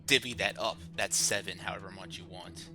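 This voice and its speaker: A man's voice: deep voice, a little fast. A man narrating as dungeon master in a live tabletop game, describing the action in an easygoing way and laughing often. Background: background music.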